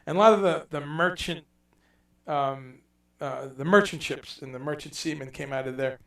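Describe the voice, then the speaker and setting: Rambling, gravelly man on a livestream. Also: on the high side, moderate pace, echoey room, distant mic. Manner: rambling, animated storytelling with mock accents and profanity. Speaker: livestream host. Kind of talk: casual chat.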